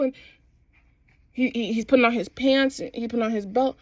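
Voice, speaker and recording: A woman's voice: on the high side, fairly even intonation, brisk, pauses often, no room sound. A young adult woman in casual chat, recapping a TV show with slangy phrasing and frequent laughs. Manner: chatty, slangy, laughs often while recapping. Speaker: vlogger.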